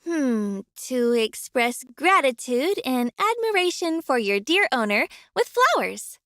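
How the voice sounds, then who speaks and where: A bubbly young florist. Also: female voice, high voice, no room sound, studio quality, heavily acted. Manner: friendly, chatty with customers. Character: kind young woman florist, friendly. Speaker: florist shopkeeper. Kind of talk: game voice acting.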